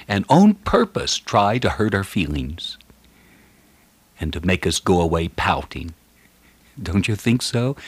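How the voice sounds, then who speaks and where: Male preacher, earnest sermon, unhurried delivery, dry close sound. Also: low voice, breathy edge, no echo. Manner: earnest, preacherly, with rhetorical questions. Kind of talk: sermon with scripture reading.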